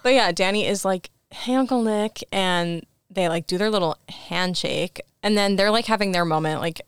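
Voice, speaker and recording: Co-host, young woman, low smooth voice, dry close sound, acts out scene quotes. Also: fairly even intonation, normal speed, no room sound. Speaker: podcast co-host. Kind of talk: casual chat.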